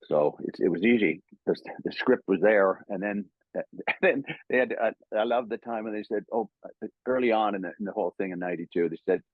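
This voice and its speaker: A man's voice: on the low side, brisk, dry recording, phone-quality sound. An older Canadian man telling stories in a casual interview, laughing often and stammering as he acts out old quotes. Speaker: voice actor guest.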